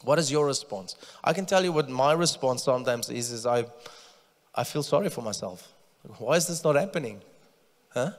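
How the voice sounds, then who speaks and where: Pastor preaching in a hall. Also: male voice, mid-range voice, animated, normal speed, long pauses. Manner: conversational, repeats words when starting sentences. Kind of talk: sermon. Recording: long church reverb.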